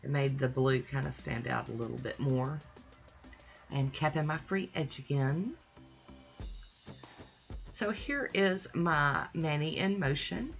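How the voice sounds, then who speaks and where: A woman's voice: low-pitched, expressive, unhurried, vocal fry, long pauses, soft background music. A woman hosting her own nail polish channel, talking through a manicure in a chatty, easygoing voice-over. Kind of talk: casual voice-over tutorial.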